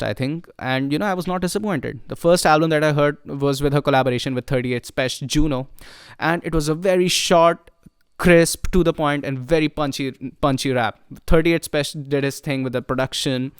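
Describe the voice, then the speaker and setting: A man's voice: fairly high pitch, moderate pace, clean tone, dry recording, studio quality. A man giving a casual, enthusiastic spoken review of albums, talking loosely with many fillers. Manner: enthusiastic, loose, frequent "you know" and "like" fillers. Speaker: music reviewer.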